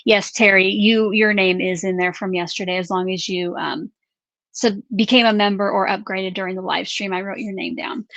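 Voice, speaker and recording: A woman co-hosting a crafting livestream in a casual, chatty way, answering viewer questions and announcing giveaway winners with drawn-out reveals. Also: medium pitch, steady tone, a bit bright, dry recording. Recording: slightly muffled dry livestream audio.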